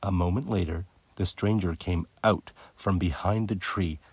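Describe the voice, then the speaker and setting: A man narrating a children's novel aloud in an expressive read-aloud manner. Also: sits low, a little slow, husky, no echo. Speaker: audiobook narrator. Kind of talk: storybook narration.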